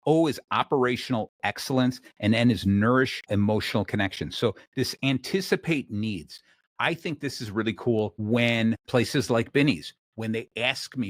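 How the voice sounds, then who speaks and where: A man hosting a podcast, chatting casually and telling lively stories in which he acts out clerks and waiters. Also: medium pitch, normal speed, dry recording, clean studio sound. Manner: animated storyteller acting out store clerks. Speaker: podcast host. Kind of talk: casual conversation.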